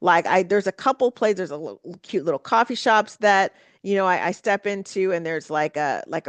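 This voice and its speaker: A woman's voice: medium pitch, clean tone, no echo. A woman hosting a casual solo podcast, rambling with lots of fillers and restarts. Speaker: podcast host.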